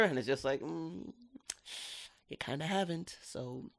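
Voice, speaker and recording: A man giving casual video commentary on a cartoon episode, animated and full of slang. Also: on the high side, measured pace, creaky, long pauses. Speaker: cartoon reviewer.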